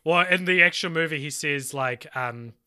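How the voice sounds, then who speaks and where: A man's voice: fairly high pitch, moderate pace, clear, resonant tone, dry recording, clean studio sound. A man co-hosting a casual film review podcast, telling stories animatedly and acting out quoted lines. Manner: animated storyteller, acts out quoted shouts. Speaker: podcast co-host.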